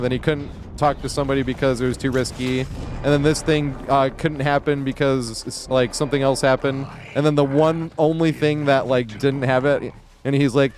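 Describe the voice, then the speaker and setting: A man's voice: mid-range voice, fairly even intonation, brisk, darkish tone, a little hiss or hum. Rambling, cussing male game streamer. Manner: rambling, profane, chuckles often. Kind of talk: casual live-stream chat while gaming.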